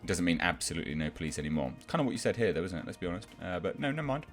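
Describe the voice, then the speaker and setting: Deep-voiced man ranting sarcastically. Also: very animated, very fast, faint music behind. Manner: sarcastic and exasperated, mocking. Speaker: YouTube film commentator. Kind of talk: ranting commentary.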